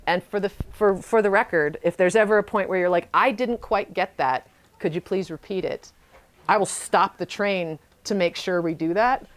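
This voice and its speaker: A woman facilitating a songleading workshop, talking animatedly to a group and telling stories. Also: mid-range voice. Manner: animated, storytelling, often sings lines to demonstrate.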